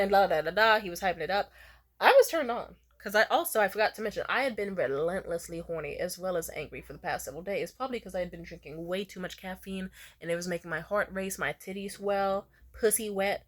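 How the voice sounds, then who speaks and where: A young woman in casual storytime chat, animated and swearing freely, jumping into squeaky high voices when she quotes people. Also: fast talker. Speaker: vlogger.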